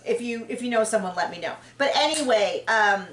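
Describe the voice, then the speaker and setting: A woman hosting a podcast, chatting frankly and opinionatedly about a reality show, with quick asides and self-corrections. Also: a little high, animated, slight background noise. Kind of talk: casual opinionated chat. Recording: roomy distant mic.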